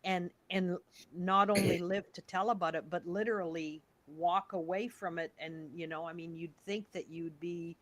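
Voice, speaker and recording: A woman hosting an interview, reacting briefly and speaking haltingly, with many false starts. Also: fairly low pitch, steady tone. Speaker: host.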